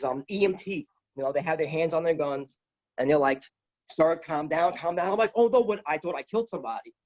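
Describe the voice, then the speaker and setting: Man, fairly high voice, casual storytelling, rambling with restarts, dull lo-fi recording. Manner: rambling, repeats words and restarts; quotes others with "he's like". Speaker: guest. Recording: dull lo-fi sound.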